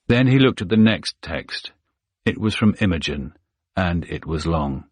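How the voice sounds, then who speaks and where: A man narrating a thriller audiobook in a steady, measured way. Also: extremely low pitch, slightly rough, dry recording, studio quality. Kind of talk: scripted narration.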